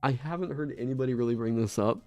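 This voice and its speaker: A man's voice: medium pitch, fast talker, warm tone, no echo, lo-fi sound, soft background music. A man chatting casually on a live stream into a desk microphone. He rambles, laughs often and swears freely. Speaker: streamer designing a game class.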